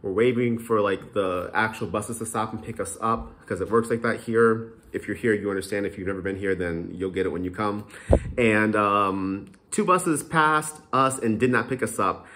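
A man's voice: fairly low pitch, moderate pace, fairly bright tone. A man talking frankly in a casual, unscripted vlog, rambling with lots of ums and uhs. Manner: frank, chatty, rambling with many fillers. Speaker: vlogger.

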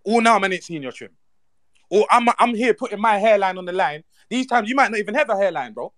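A man's voice: high voice, fairly bright tone, no echo. A man co-hosting a casual banter show, roasting a guest with mocking insults. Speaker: co-host.

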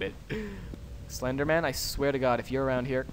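A man hosting let's play commentary, excitable, cursing freely and yelping when startled. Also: medium pitch, moderate pace, a little hiss or hum. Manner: excitable, swears a lot, yelps when startled. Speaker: gaming channel host.

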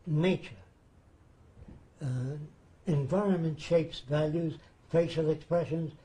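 Older man with a dark, mellow voice. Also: fairly high pitch, slow. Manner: plain-spoken, anecdotal, acts out quotes. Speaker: interviewee. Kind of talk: storytelling in conversation.

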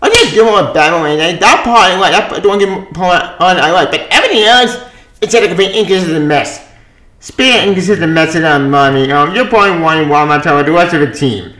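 A man's voice: on the high side, fast, pushed and bright, roomy sound. A man giving a casual spoken comic book review. He rambles, sounds exasperated and swears often.

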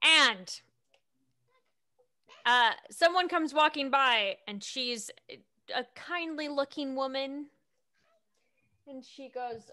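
A woman's voice: high voice, slow, pauses often, sharp tone. A woman narrating a tabletop game as its game master, playful and amused.

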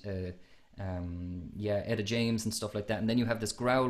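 A man hosting a podcast and coaching singing technique, explaining at length with frequent restarts and sung demonstrations. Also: fairly low pitch. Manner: explanatory, many restarts, demonstrates vocal sounds. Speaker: podcast host and voice teacher.

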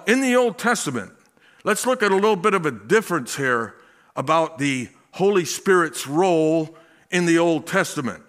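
A male pastor preaching a sermon, slow and drawn out, with emphatic swells and folksy asides. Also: high voice, fairly bright tone.

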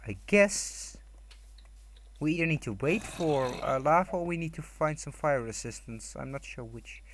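A man's voice: fairly high pitch, moderate pace. A young man commenting casually on a video game, reading signs aloud in mock voices and laughing often. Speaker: gamer.

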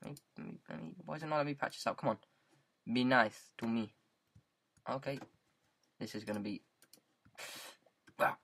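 A man's voice: medium pitch, moderate pace, creaky, pauses often, fairly bright tone, a little hiss or hum. A man with a British accent giving casual, rambling gameplay commentary into a headset mic, goofing around and repeating words in silly riffs. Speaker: gaming YouTuber.

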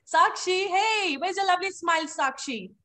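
A woman's voice: extremely high pitch, moderate pace, sharp tone. A woman teaching a live online phonics class to young children, encouraging and playful in a sing-song way.

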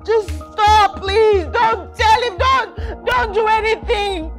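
An actress with a Nigerian accent playing a frightened young wife who pleads and stammers apologies. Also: female voice, high voice, normal speed, lightly acted. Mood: pleading. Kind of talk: film acting. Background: film score music.

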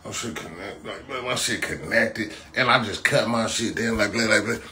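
A man's voice: on the low side, moderate pace, sharp tone, a little hiss or hum. A man from Compton, hosting a casual livestream and trash-talking in a rambling, repetitive way. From Compton, California. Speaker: livestream host.

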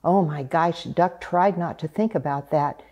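A woman reading a picture book aloud in a gentle, unhurried way. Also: on the low side. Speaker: storyteller.

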